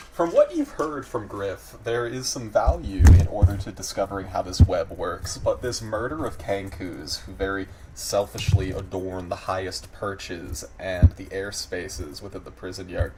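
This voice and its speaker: A man narrating as game master, describing scenes in a lively way and prompting players. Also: low-pitched, normal speed, background noise.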